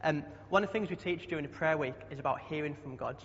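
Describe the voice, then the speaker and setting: A man's voice: on the high side, quick pace, a bit bright. A young man preaching a chatty sermon, often asking the congregation questions. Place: church hall. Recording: dull sound with long hall echo.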